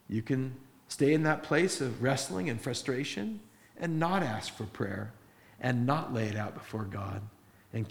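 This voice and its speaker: Male pastor preaching a lively sermon, mid-pitched, echoey hall sound. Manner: animated preaching, acts out prayers in voices. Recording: roomy echo.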